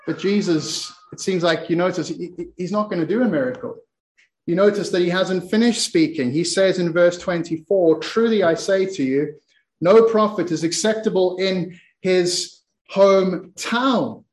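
A man preaching a sermon, retelling a scripture scene, often repeating and restarting words and slowing down for emphasis. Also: sits high, a little mellow, echoey room.

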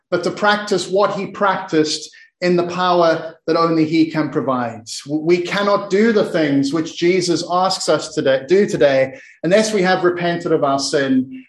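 Earnest preacher man in an echoey room. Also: a little high. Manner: earnest, repeats words with frequent restarts. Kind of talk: sermon.

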